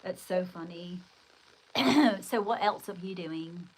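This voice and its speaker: A woman's voice: on the low side, slow, breathy edge, rough recording. An older woman hosting a casual livestream, chatting in a rambling, exclamatory way and reading out viewer comments. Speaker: livestream host.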